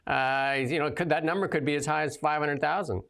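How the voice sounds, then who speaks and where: Sarcastic and rambling, this political talk show host laughs often as he offers casual commentary. His voice is fairly high, fairly bright and creaky, holding a steady tone at a brisk pace.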